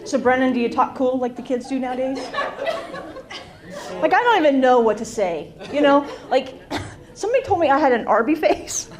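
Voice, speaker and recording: A woman's voice: high voice, animated, moderate pace. A woman from Utah doing a self-deprecating stand-up comedy set on a club stage, teasing the audience. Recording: live club with loud crowd noise.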